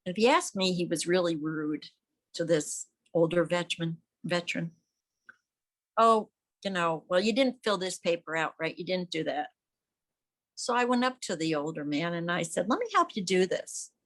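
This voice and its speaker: An older woman, a veteran's widow, telling stories emphatically in an interview and acting out the people she quotes. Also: fairly low pitch. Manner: emphatic, animated, acts out quoted voices. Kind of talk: conversational storytelling. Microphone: remote audio call.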